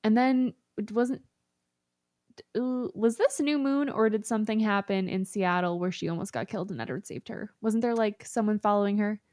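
A young woman co-hosting a casual podcast, retelling a book with frequent swearing and quick put-on character lines. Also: medium pitch, darkish tone, dry recording, clean studio sound. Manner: swears freely, acts out characters in quick bursts. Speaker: podcast co-host. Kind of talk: casual book-recap chat.

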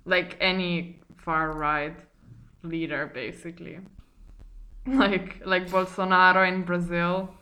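A woman's voice: lowish voice, little pitch movement, slow, bright, forceful tone. A young woman from Slovenia co-hosting a casual chat, talking loosely with many fillers and frequent laughs. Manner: chatty, laughs often, lots of "like" fillers. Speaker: podcast co-host.

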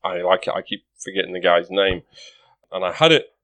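A man's voice: sits low, fairly quick, a bit bright, dry recording. A man narrating as game master, hesitant and repeating words, with frequent laughs.

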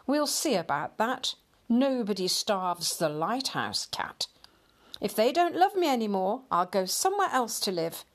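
A woman's voice: mid-range voice, sing-song, measured pace. A woman voicing a plump, proud male ginger cat in a storybook reading, making huffy, indignant declarations.

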